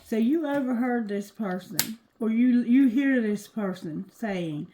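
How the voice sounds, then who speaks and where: A woman giving a casual tarot reading to her viewers, talking loosely and cursing, going quieter when she asks the cards. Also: a little high, animated, measured pace, few pauses, slight background noise, poor audio. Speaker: tarot reader.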